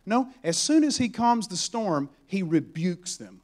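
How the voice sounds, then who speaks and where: A man preaching a sermon, animated and storytelling as he acts out the voices in the stories. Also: high voice, a little slow.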